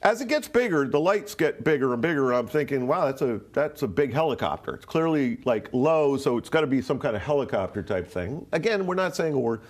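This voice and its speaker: A man's voice: mid-range voice, sing-song, fairly quick, hardly any pauses. A man from Rhode Island telling a story casually, rambling with fillers, restarts and swearing. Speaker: interview guest.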